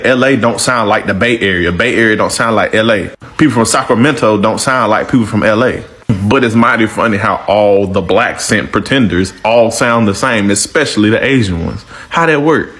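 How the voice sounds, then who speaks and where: Man, low-pitched, slangy and emphatic, casual reaction commentary. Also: fairly quick, fairly bright tone. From northern Louisiana.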